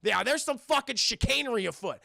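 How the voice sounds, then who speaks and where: A man plays a shocked billionaire hero who protests his innocence in yelps. The voice is squeaky high, gravelly and sharp. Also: lively intonation, brisk, no echo, clean studio sound, full character voice. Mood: outraged. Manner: yelping, outraged.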